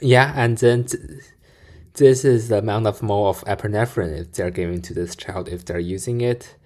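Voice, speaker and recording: A man hosting a reaction video, calmly explaining a calculation one step at a time. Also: lowish voice, moderate pace. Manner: calm, walks through steps. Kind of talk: explanatory commentary.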